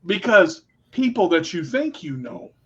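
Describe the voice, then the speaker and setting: A man co-hosting a casual talk show, telling stories in a blunt, animated way and swearing freely. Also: sits high, a little slow, slightly rough. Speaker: podcast co-host. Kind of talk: casual storytelling chat. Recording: dull lo-fi recording.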